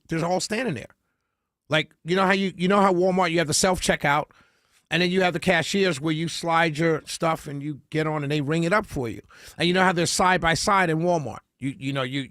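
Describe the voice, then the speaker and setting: A man's voice: fairly high pitch, fairly bright tone, no echo, clean studio sound. A man who hosts a radio talk show, casually telling a story and quoting each person he spoke with. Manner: recounts conversations, quoting each person in turn.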